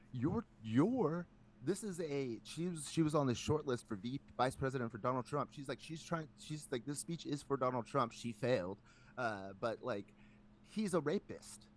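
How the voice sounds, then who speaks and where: A man hosting a casual podcast, ranting in an animated way with lots of filler words. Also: mid-range voice, moderate pace, slight background noise. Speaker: podcast host.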